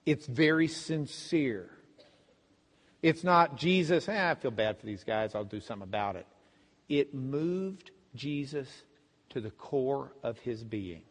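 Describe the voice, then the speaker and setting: A man teaching a Bible class as a pastor, telling the story with lively acted-out voices. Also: a little high, slightly rough, big-room sound. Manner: animated storytelling, acts out voices of the crowd and blind men. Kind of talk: sermon.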